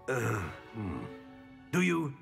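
A woman's voice: a bass voice, gravelly, exaggerated voice. An actress playing a wry female magic professor with a dry, teasing manner.

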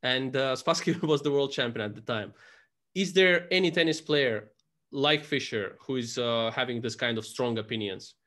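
A man's voice: medium pitch, normal speed, a bit bright. A male host of a casual conversation, telling rambling stories full of fillers. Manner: rambling storyteller, filler-heavy.

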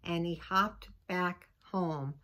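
A woman's voice: fairly low pitch, slow, sharp tone, poor audio. A woman, a teacher, reading a picture book aloud to children and chatting with them about the pictures. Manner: chatty asides to young listeners.

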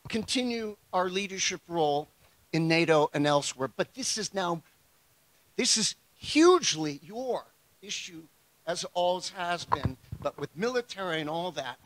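An older American man, a retired army general on a panel, speaking bluntly and emotionally with halting restarts and fillers. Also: high voice, fairly bright tone, no echo, poor audio. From United States. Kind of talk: panel discussion.

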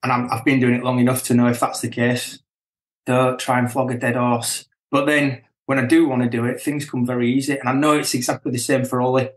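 A middle-aged man and band member chatting casually as a guest, relaxed and chuckling, often restarting his sentences. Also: mid-range voice, a little fast, reverberant. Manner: relaxed, chuckling, self-correcting. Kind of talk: casual chat.

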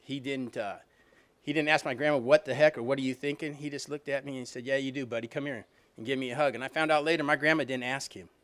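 A man's voice: medium pitch, fairly even intonation, quick pace, a bit bright. A middle-aged man giving a rambling, self-deprecating recovery talk, peppered with "you know what I mean.". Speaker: alumni reunion speaker.

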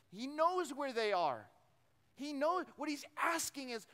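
Man, preacher, lively storytelling sermon, acts out voices, repeats himself, high voice. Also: slow. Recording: long hall reverb.

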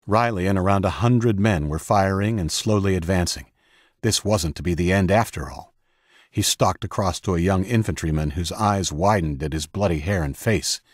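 Deep-voiced male audiobook narrator. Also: no room sound, studio quality. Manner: steady, measured reading of action scenes. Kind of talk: scripted narration.

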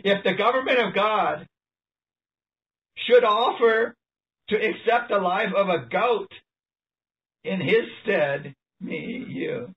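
A man preaching an animated, emphatic sermon, reading passages aloud and laughing often. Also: high voice, slow, pauses often. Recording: distant mic, dull lo-fi sound.

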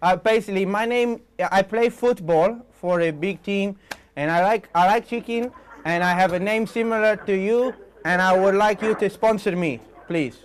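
A man's voice: high voice, slight background noise, natural voice. Man faking a Spanish footballer on a prank call. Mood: bumbling. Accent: fake Spanish. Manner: broken English, halting, slowed. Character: adult male footballer prank-calling a restaurant.

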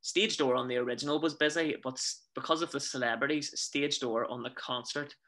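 A Northern Irish man, a musical theatre actor, telling animated stories in a casual interview and chuckling often. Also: mid-range voice, brisk. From Northern Ireland.

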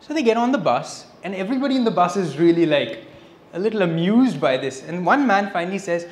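A man giving a public spiritual lecture, telling stories with a lively delivery and dropping in Hindi phrases. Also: high-pitched, brisk. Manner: lively storyteller, switching between English and Hindi phrases. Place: lecture hall, indoors. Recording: echoey hall with faint noise.

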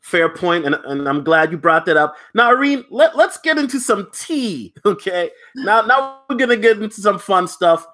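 A man's voice: high voice, very animated, moderate pace, hardly any pauses, bright, forceful tone. A man hosting a casual livestream interview in an upbeat way, reading viewer comments aloud. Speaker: livestream host.

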